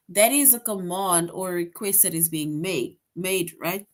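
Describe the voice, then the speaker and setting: A woman teaching a grade-school grammar lesson online. She explains patiently, keeps checking in with "right?", and slows down to stress example sentences. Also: medium pitch. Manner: explains patiently, tag question "right?" after most points; reads example sentences slowly with emphasis.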